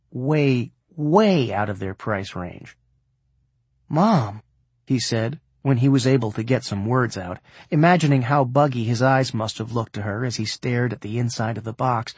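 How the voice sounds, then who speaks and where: Husky male audiobook narrator. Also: medium pitch, no room sound. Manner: expressive, voices the characters.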